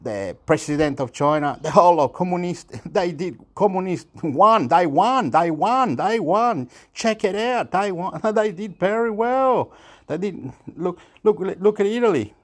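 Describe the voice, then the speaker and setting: Aussie bloke rambling on his own channel, slightly high voice, laughs and swears a lot, hops topic to topic. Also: animated, a little slow. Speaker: vlogger. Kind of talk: rambling casual monologue.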